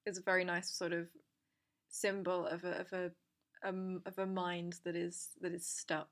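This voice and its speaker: A woman's voice: fairly low pitch, level tone, normal speed, fairly bright tone. A woman co-hosting a podcast, talking over a film casually with many restarts and trailing thoughts. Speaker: podcast co-host.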